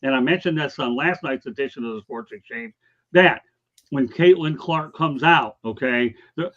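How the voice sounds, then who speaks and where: A man's voice: medium pitch, normal speed, a bit bright, dull audio. A man hosting a sports talk show, casual and emphatic, pushing his opinions hard. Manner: emphatic, opinionated, keeps saying okay.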